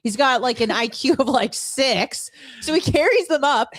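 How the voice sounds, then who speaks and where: A woman co-hosting a radio show, telling stories in an animated, profane way and laughing often. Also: sits high, normal speed, no room sound, studio quality. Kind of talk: casual radio chat. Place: radio studio.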